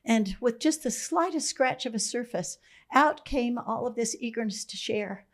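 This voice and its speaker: A woman guest in a conversation, telling stories in a reflective, musing way, often clearing her throat. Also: on the high side, moderate pace.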